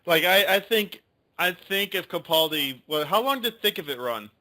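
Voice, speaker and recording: A man in a casual chat, hesitant and excitable, swearing now and then. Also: high-pitched, normal speed.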